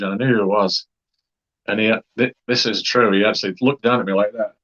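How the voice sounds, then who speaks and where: A man's voice: lowish voice, steady tone, a little fast, sharp tone, dull audio. A man from Wakefield, England, telling a story in a casual, rambling way, with many fillers and hesitations. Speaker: interviewee.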